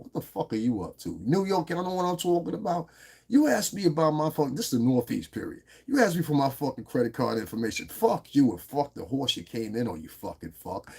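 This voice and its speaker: A middle-aged man rants bluntly to his livestream chat, swearing freely as he calls out the viewers one by one. His voice is gravelly and rough with a husky edge, set at an ordinary middle pitch. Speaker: livestream host. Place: lives in Las Vegas.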